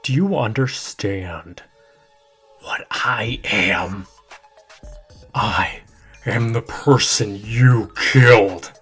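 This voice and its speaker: A man's voice: fairly low pitch, very slow, pauses often, fairly bright tone, soft background music, exaggerated voice. A man voicing a menacing man who turns into a drain monster, speaking in a hissing whisper that rises to a roar.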